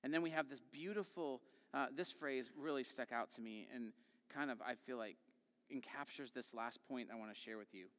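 A man's voice: mid-range voice, moderate pace, a bit bright. A man preaching a sermon in a conversational, emphatic way, often checking in with his listeners by asking "right?". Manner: conversational, emphatic, with tag questions. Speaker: pastor. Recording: long hall reverb.

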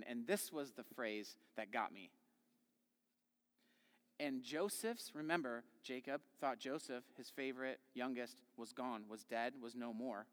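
A man's voice: mid-range voice, unhurried. A man preaching a sermon in a conversational, emphatic way, often checking in with his listeners by asking "right?". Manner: conversational, emphatic, with tag questions. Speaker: pastor. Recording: long hall reverb.

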